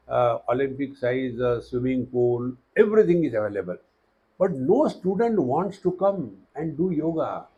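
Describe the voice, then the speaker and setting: A man with an Indian English accent giving a spiritual discourse, teaching through humorous anecdotes with quick bursts and slow emphatic phrases. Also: fairly high pitch, a little mellow, breathy edge, highs cut off.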